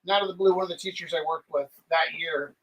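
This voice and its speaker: A man's voice: on the high side, steady tone, fast talker, fairly bright tone, low-quality recording. A middle-aged man hosting a live art auction, chatting casually and rambling through stories with many fillers. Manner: rambling, storytelling with filler words. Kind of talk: casual live-stream chat.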